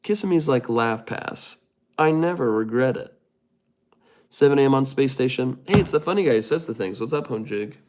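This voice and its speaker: A young man runs a relaxed late-night livestream and talks straight to his viewers. He reads their comments aloud and fires back playful, joking replies with quick asides. His voice sits at an ordinary, middle pitch. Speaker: livestream host.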